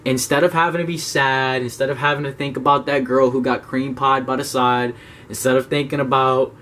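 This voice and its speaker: A man's voice: medium pitch, brisk, a little hiss or hum. Blunt, profane young man talking to camera. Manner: blunt, profane, animated, talks straight to viewers. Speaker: self-help YouTuber. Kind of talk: casual talk to camera.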